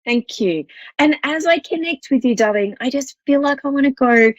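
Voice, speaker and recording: A woman's voice: high voice, animated, normal speed, no echo, muffled recording. A woman with an Australian accent hosting a psychic call-in show, talking in a rambling, reassuring way with many restarts. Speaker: psychic medium host.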